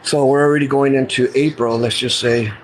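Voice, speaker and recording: A man's voice: mid-range voice, fairly even intonation, fairly quick, slight background noise, poor audio. A middle-aged man telling a personal story in a casual, earnest, plain-spoken way, often retelling what people said to him. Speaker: guest telling his story.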